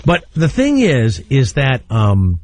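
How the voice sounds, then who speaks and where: Lively, blunt male radio host. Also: mid-range voice, slow pace. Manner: blunt, teasing, jumps between topics. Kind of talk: casual banter.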